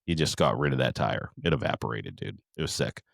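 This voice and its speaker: A man's voice: a bass voice, animated, fairly quick, vocal fry, dry recording, studio quality. A middle-aged man hosting a podcast, rambling through a profane, casual story recap. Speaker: podcast host.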